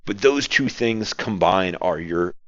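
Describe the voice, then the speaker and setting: A man's voice: deep voice, lively intonation, a little slow, a bit bright, no room sound, muffled recording. A man talking casually about running tabletop games, rambling and correcting himself as he explains, recorded at home. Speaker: game master giving advice. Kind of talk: casual spoken advice talk. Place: at home, girlfriend nearby watching TV. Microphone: audio-only recording, no camera.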